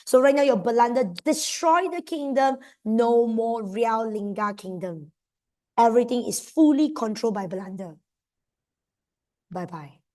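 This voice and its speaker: A young woman with a Malaysian accent, giving an exam revision lesson in a lively, emphatic way. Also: fairly high pitch, measured pace. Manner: lively, emphatic, mixes in local slang particles. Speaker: tutor.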